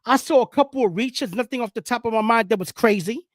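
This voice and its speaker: High-voiced animated man talking sports. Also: quick pace, dry recording, clean studio sound. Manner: animated, slangy, teasing. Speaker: host. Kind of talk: casual sports commentary.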